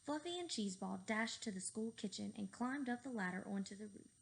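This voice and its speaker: A woman reading a children's book aloud with lively, expressive storytelling. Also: medium pitch, brisk, creaky, slight background noise. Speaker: reader.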